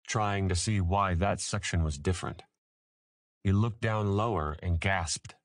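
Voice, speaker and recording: A man narrating an audiobook in a steady, measured reading voice. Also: deep voice, dry recording, clean studio sound. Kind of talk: scripted narration.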